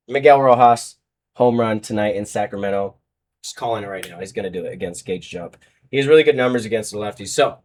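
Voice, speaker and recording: A man with a mid-range voice hosts his own show, chatting casually about sports betting picks. He rambles and corrects himself, mixing mumbling with sudden loud outbursts.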